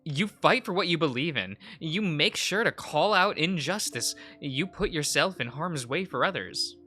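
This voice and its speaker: A man's voice: a little high, lively intonation, moderate pace, bright, forceful tone, faint music behind. Man voicing blunt fiery woman florist. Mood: earnest. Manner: scolding, bluntly encouraging. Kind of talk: visual novel read-aloud.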